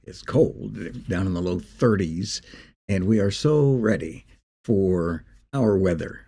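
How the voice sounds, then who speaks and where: Male pastor, low husky mellow voice, folksy devotional delivery. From Northeast Indiana. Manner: folksy and conversational, with pauses and restarts. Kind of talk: short devotional talk.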